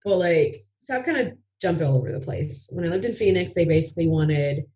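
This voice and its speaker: Lowish voice gal rambling n giggling, muffled lo-fi sound. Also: female voice, lively intonation, brisk, dark tone. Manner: giggly, chatty, trails off often. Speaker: podcast guest, drag performer. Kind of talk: casual chat.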